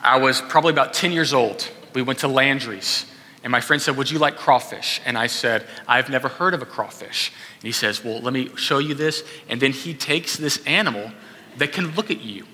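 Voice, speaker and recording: A man's voice: medium pitch, normal speed, sharp tone, slight background noise. A pastor delivering a conversational sermon, acting out quotes as he goes. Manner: conversational preaching with acted quotes. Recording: echoey hall.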